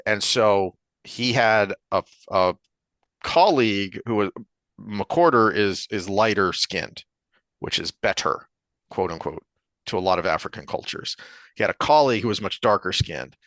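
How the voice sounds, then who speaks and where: Low-voiced man telling a story. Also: no echo. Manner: animated storyteller, acts out joke characters. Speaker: podcast co-host. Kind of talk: casual opinion talk.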